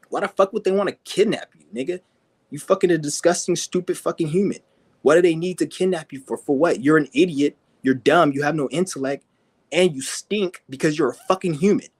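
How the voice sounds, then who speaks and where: A man giving a profane, aggressive ranting monologue, mocking and swearing constantly. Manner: mimics people in high whiny voices. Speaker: vlogger.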